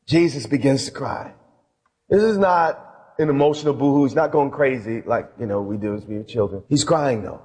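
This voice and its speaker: A man preaching a sermon to a congregation in a church, moving between slow emphatic pauses and sudden fast bursts. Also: medium pitch, darkish tone, long reverb tail. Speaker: pastor. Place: church sanctuary.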